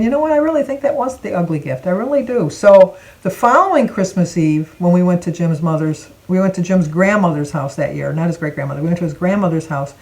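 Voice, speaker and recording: An older woman from Michigan tells a family story in a casual, lively way, acting out the voices of the people in it. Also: medium pitch, rough recording. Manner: animated, acts out quoted voices. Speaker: vlogger.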